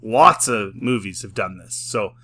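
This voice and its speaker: Bright-voiced man rambling a casual review. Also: lowish voice, measured pace, breathy edge. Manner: rambling, full of "like" fillers, chuckles often; mocking, sarcastic. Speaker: film and TV reviewer.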